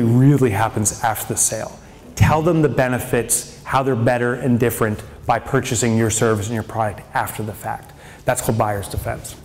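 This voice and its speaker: A man giving a humorous business keynote on stage, telling a story in an animated way and acting out scenes with shouts. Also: medium pitch. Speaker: keynote speaker. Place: on stage in a large venue. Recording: long hall reverb.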